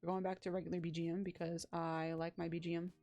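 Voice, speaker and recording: A young woman streaming a game, chatting casually in a gushing, excitable, rambling way, from a home setup. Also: fairly low pitch, quick pace, lo-fi sound. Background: faint background music.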